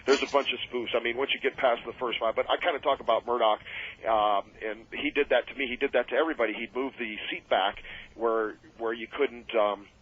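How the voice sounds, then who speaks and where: A middle-aged man calls in as a guest and tells a story with energy, acting out the people in it. His voice is husky and sits at an ordinary pitch. The sound is muffled by the phone line. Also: brisk. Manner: lively, acts out quotes in different voices. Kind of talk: animated storytelling.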